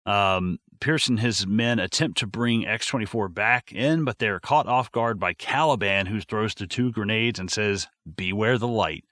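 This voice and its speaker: A man co-hosting a podcast, recapping a movie in casual chat, excitable and profane, with lots of fillers. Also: on the low side, measured pace, few pauses, no room sound, clean studio sound. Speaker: podcast co-host.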